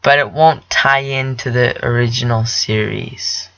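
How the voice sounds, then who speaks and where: Excitable rambling young man, lo-fi. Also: mid-range voice, measured pace. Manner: rambling, excitable, self-correcting. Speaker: podcast host. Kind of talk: casual solo chat about TV shows.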